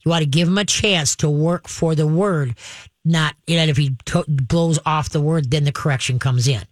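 A woman's voice: deep voice, moderate pace, no room sound. Woman, dog trainer host, direct coaching, keeps checking "okay?", dry sound. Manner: direct, instructive, acts out calm dog commands; frequent checks like "okay?" and "all right?". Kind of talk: casual advice to a caller.

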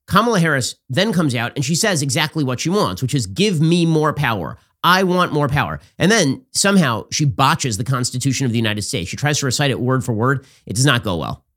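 A man hosting a political commentary show, talking in a sarcastic, rapid-fire, mocking way. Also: mid-range voice, animated, fairly bright tone.

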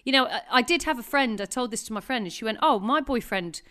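A woman's voice: on the high side, fast, bright, forceful tone, clean tone. Chatty woman telling a story. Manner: chatty storytelling, laughs often. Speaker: podcast co-host. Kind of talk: casual chat.

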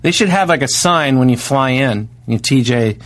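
A man in an easygoing comedic chat, mid-pitched and unhurried. He rambles through exaggerated stories with a deadpan delivery, piling detail on detail.

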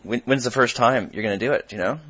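A man's voice: mid-range voice, fast, fairly bright tone, slightly rough, dull audio. A man hosting a podcast, asking a guest friendly questions in casual chat. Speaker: podcast host. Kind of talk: interviewing a guest.

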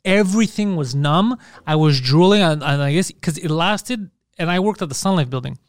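A man telling crude, animated stories in casual chat, swearing freely and acting out what people said. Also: fairly high pitch, normal speed, no echo, studio quality. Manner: swearing, animated, acts out quotes.

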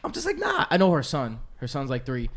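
A man's voice: mid-range voice, a little fast. A man telling funny stories in a casual chat with friends, acting out the voices of the people in them. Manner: animated storyteller, acts out quotes.

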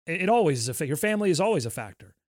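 Male co-host, higher voice, dry sound, emphatic and repetitive. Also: big pitch swings, rapid-fire, a little mellow, no room sound. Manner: emphatic, repeats words for stress. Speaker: podcast co-host. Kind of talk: opinionated sports talk.

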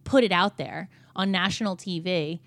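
A woman's voice: on the low side, moderate pace, a bit bright, no echo. A woman guest speaking in casual chat, telling a heated story in a blunt, profane way. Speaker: podcast guest, former reality TV cast member.

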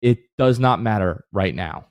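A man co-hosting a casual sports podcast who talks in animated bursts and rants, then calls himself back down. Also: lowish voice, measured pace, no echo. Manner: animated, ranting then apologizing. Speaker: podcast co-host.

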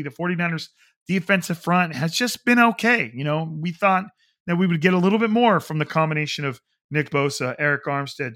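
A man's voice: a little high, bright, forceful tone. A man hosting a sports podcast on his own, rambling casually with lots of filler words. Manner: rambling, heavy on fillers like "like" and "you know".

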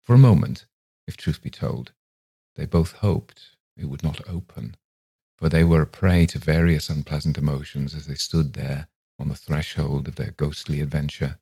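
A man reading a classic ghost story aloud as a podcast narrator, in a measured, unhurried way. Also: a bass voice, fairly even intonation, vocal fry, mellow, breathy edge, dry recording.

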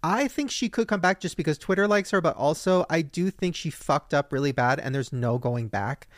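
Recorded dry in a clean studio, this man co-hosts a podcast at normal speed with a fairly high pitch. His talk is loose and gossipy, and he animatedly imitates people in the middle of his stories.

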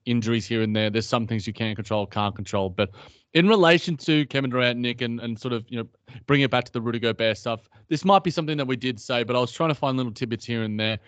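A man's voice: medium pitch, quick pace, fairly bright tone, no room sound. A man with an Australian accent co-hosting a sports podcast in casual chat, talking in restarts and asides. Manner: chatty, many restarts and asides. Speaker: podcast co-host. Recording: dull lo-fi dry sound.

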